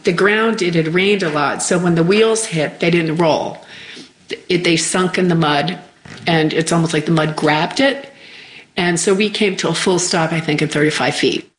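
A middle-aged woman with a somewhat low voice tells a personal story in an interview. She speaks in a halting, reflective way and often trails off before she finishes a thought. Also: low-quality recording. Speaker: interview guest.

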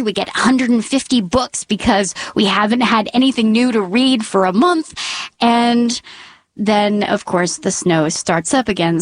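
A woman tells a true story slowly and deliberately, lingering on her words. Her humor is wry and deadpan, and she sinks into hushed whispers at the tense moments. The sound is dry and close. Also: medium pitch, no room sound. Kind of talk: live personal storytelling.

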